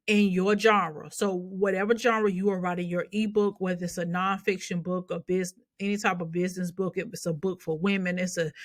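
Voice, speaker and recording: A woman's voice: medium pitch, fairly bright tone, dry recording. A woman hosting a YouTube channel, giving casual step-by-step tips in a chatty way and often asking "okay?". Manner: chatty, repeats "okay?" to check in. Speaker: YouTube host. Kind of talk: casual tutorial talk.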